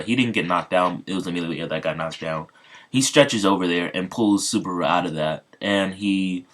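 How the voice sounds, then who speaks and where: Low-voiced man rambling through a fan story. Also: fairly bright tone. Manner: rambling, many fillers and restarts. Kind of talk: casual improvised fan story retelling.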